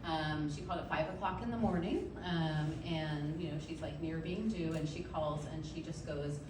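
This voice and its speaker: A woman's voice: low-pitched, fairly even intonation, moderate pace, background noise. A woman midwife telling funny stories to a live audience, chatty and laughing often, with lots of ums. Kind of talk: stand-up storytelling. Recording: roomy, distant mic, loud ambience.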